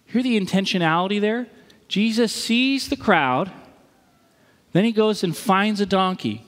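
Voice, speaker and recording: Animated male pastor in a big hall. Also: high-pitched, unhurried. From Missouri. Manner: conversational, animated, acts out quoted voices. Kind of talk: sermon. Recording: reverberant hall.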